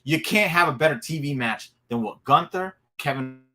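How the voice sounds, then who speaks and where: An excitable man hosting a casual wrestling recap, telling the matches in an animated way with plenty of asides. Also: on the high side, moderate pace. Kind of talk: casual solo recap talk.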